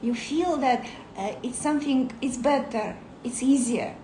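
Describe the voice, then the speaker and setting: A woman meditation teacher talking to camera in a lively, playful way, acting out her students' complaints. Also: high-pitched, a little slow, roomy sound, slight background noise, rough recording.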